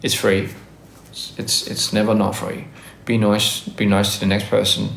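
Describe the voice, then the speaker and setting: A man on a casual livestream, giving upbeat, rambling shout-outs to fans and stumbling over his words. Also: on the low side, little pitch movement, normal speed, creaky, slight background noise. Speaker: musician hosting a live stream. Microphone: phone livestream. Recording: echoey room.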